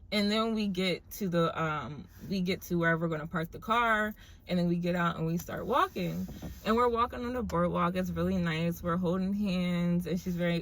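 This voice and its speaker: A young woman casually telling a story to her viewers in an animated, chatty way, full of fillers. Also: on the low side, slight background noise.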